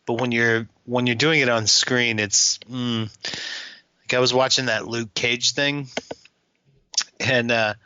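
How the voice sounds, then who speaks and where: A man co-hosting a podcast in casual chat, jokey and quick to slip into goofy accent impressions. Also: mid-range voice, steady tone, bright, forceful tone, clear, resonant tone, low-quality recording. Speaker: podcast co-host.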